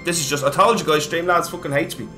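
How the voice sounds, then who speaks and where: A man's voice: fairly high pitch, quick pace, pushed and bright, faint music behind. A man hosting a tabletop game stream, joking and swearing casually. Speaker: game master and stream host.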